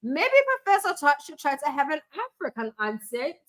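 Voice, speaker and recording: Chatty high-voiced woman tutorial host. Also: animated, moderate pace, a bit bright. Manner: chatty, thinks aloud, laughs at own jokes. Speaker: life coach and tech tutorial host. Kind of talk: casual screen-share tutorial.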